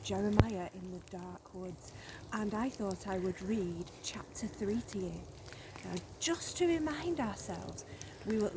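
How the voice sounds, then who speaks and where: A woman teacher reading a children's story aloud, gently and expressively, outdoors on a snowy walk into a phone camera. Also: mid-range voice, background noise.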